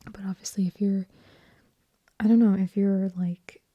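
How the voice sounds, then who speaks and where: A woman's voice: mid-range voice, level tone, unhurried, husky, no room sound, lo-fi sound. A young woman hosting an ASMR channel, whispering in a rambling, chatty way with lots of fillers. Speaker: ASMR host. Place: indoor room at home.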